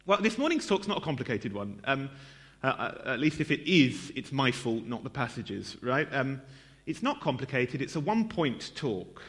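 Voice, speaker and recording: A man's voice: mid-range voice, very animated, normal speed, fairly bright tone. A man giving a conversational sermon in a church, self-deprecating and chatty, with lots of fillers and asides to the congregation. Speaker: preacher.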